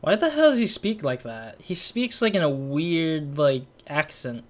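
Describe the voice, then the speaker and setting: A young man casually commenting on his game, excitable and rambling, with many fillers. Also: fairly high pitch, a little slow. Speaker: gaming channel host. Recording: noisy home recording with game audio behind.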